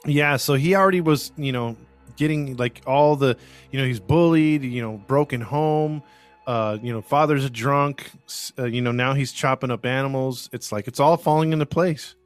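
A man's voice: medium pitch, moderate pace, clean tone, no room sound, faint music behind. Chatty American man telling a story. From United States. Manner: loose, conversational, many fillers, laughs easily. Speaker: podcast host telling a true-crime story. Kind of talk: casual storytelling chat.

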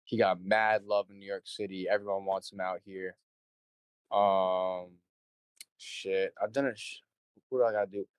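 Young male guest, lowish voice, loose swearing storyteller, dry close mic. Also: steady tone, a little slow, long pauses, clear, resonant tone, dry recording. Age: young adult. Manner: rambling storyteller, swears freely, acts out quotes. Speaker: interview guest, show promoter. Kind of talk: casual conversation.

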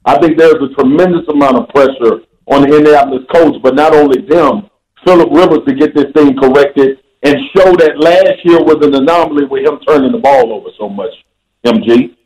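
A man appearing as a guest football analyst on sports radio, giving confident, energetic analysis. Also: medium pitch, fairly quick, reverberant, poor audio.

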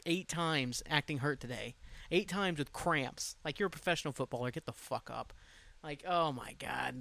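A man hosting his own podcast from home, chatting casually in a rambling, excitable way, swearing freely and sounding tired. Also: a little high, dry recording. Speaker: podcast host. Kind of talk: casual solo podcast chat.

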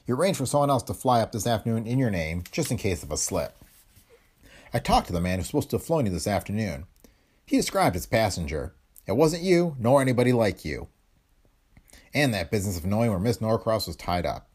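A man's voice: lowish voice, sing-song, a little fast, a little mellow, slightly rough. A man voicing a weary, hard-boiled detective laying out his accusations in an audiobook reading. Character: tough, weary male private detective.

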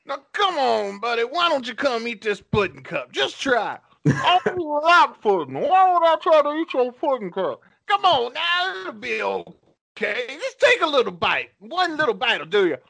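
A man putting on a high, wheedling voice for a creepy older man coaxing someone to eat pudding. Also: big pitch swings, moderate pace, creaky, pushed and bright, exaggerated voice.

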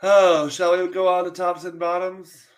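A man co-hosting a podcast in casual chat, relaxed as he moderates and trailing off softly at times. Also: sits high, unhurried. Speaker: podcast co-host.

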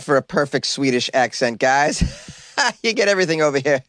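A man's voice: fairly high pitch, lively intonation, normal speed, fairly bright tone, dry recording. Dry-voiced joking podcast host, a man. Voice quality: jokey, riffs and laughs at his own lines. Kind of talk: comedic news podcast. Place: small closet.

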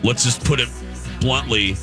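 A man hosting a radio show in casual chat, teasing his co-hosts in an animated way. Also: medium pitch, unhurried, music in the background.

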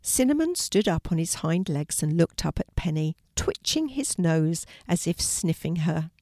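An older woman, a storyteller, gently reading a children's story aloud in a clear voice. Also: lowish voice, sing-song, moderate pace, no echo, clean studio sound.

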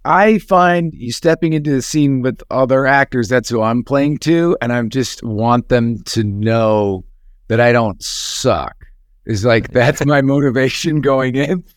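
A relaxed man co-hosting a podcast, thinking out loud in casual chat. His voice sits at a middle pitch, recorded close and dry. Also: unhurried, no echo. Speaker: podcast co-host.

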